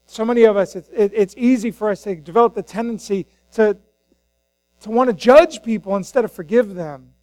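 Male pastor, high voice, dry close sound, impassioned sermon delivery with acted-out scripture voices, faint music behind. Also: brisk, darkish tone, no room sound, rough recording. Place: church.

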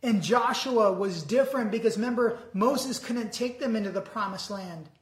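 A preacher giving an earnest sermon, reading scripture aloud slowly and deliberately. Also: mid-range voice, a bit bright, roomy sound.

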